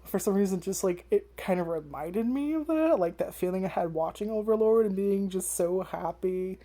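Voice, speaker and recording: Mellow-voiced woman rambling about anime. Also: mid-range voice, lively intonation, normal speed. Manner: rambling, swears freely, many fillers. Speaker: anime vlogger. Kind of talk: casual first-impressions chat.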